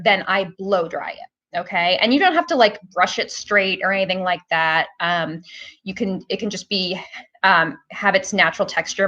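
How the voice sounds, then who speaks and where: A woman's voice: medium pitch, sharp tone, muffled recording. A woman hosting a casual live-stream hair tutorial, chatting to her viewers with lots of fillers. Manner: chatty, filler-heavy, talks to viewers as "guys".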